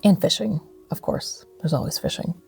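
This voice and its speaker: A woman's voice: deep voice, normal speed, vocal fry, a little mellow, husky, soft background music. An American woman around forty hosting a casual vlog outdoors by the sea, talking in a playful, self-mocking way. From United States. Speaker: vlogger host.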